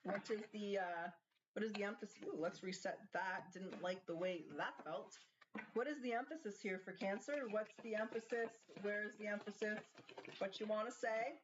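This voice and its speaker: A woman's voice: mid-range voice, normal speed, a little hiss or hum. A woman doing a casual tarot card reading, chatting and thinking aloud as she asks the cards questions. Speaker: tarot reader. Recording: slightly dull lo-fi sound.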